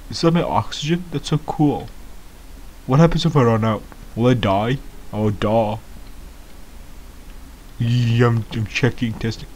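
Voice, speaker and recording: A man's voice: medium pitch, a little slow, pauses often, slight background noise. Giggly man playing a game. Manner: giggly, excitable, baffled. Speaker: first-time gamer. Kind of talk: gameplay commentary.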